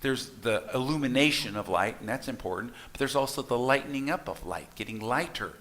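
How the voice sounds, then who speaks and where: A man's voice: medium pitch, expressive, brisk, fairly bright tone. A middle-aged man, a minister, delivering a folksy, storytelling sermon to his congregation in a church, with asides to the listeners. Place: church sanctuary.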